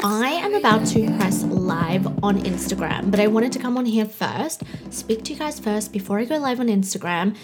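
A woman of thirty with a slight lisp, hosting a casual solo podcast in a bubbly, chatty way. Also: medium pitch. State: slight lisp from new aligners. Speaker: podcast host and coach.

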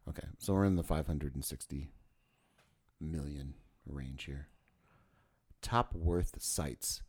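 A man's voice: very deep voice, slow, darkish tone, husky. A man co-hosting a casual podcast chat, rambling and crude, joking and restarting his sentences. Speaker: podcast co-host.

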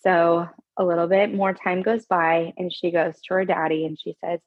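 A woman guest tells a story with earnest, animated energy and stumbles through frequent restarts. Her voice is a bit husky. The recording is dry and slightly dull. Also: on the low side, normal speed, hardly any pauses, no echo. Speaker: podcast guest. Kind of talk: conversational storytelling.

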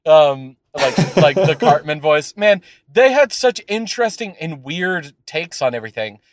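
A man's voice: a little high, moderate pace, crowd noise. A man chatting casually on a podcast, rambling with lots of fillers and swearing as he rants. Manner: animated, profane, rambling with fillers. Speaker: podcast co-host. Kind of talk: casual chat.

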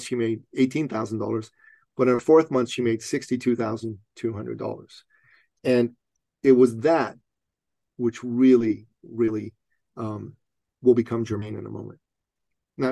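A man with a gravelly, creaky edge to his mid-pitched voice tells a personal story as a podcast guest. He is animated, often laughing and acting out the other people in his story. His voice sounds dry and close, with no room sound. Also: moderate pace, dry recording.

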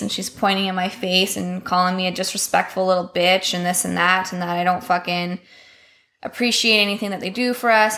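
A woman's voice: mid-range voice, fairly bright tone. A woman, a podcast guest telling a personal story in a candid, profane way, full of filler words. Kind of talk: casual storytelling.

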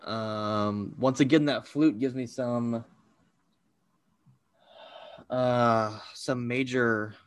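A man's voice: mid-range voice, steady tone, slow pace, pauses often, dry recording. Guy rambling on a podcast, laughs at himself a lot, dry close sound. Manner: rambling, laughing, self-deprecating. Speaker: podcast co-host guessing movies. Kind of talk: casual chat.

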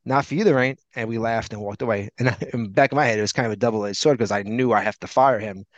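With a fairly low pitch and a quick pace, a podcast co-host launches into a long, rambling tale in easygoing chat, animatedly impersonating the people in it. The lo-fi recording sounds dull and dry, with no room sound.

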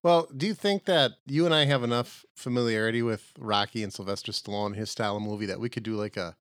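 A man co-hosting a comedy podcast with a somewhat low voice. He rambles in a loose, joking way, and the close mic leaves the sound dry. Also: fast talker, fairly bright tone, no echo. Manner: rambling, jokey, easygoing talk with playful tangents. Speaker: podcast co-host.

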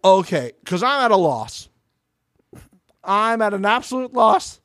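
This co-host's voice is high-pitched and a little slow as he casually recaps a reality show on a podcast. He is animated, curses, and performs other people's lines. Studio-quality audio, free of room sound.

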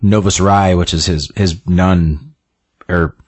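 A young adult man hosting a podcast, recapping a comic in a casual, halting way with many fillers and repeated words. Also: low voice, steady tone, a little mellow, husky, dry recording.

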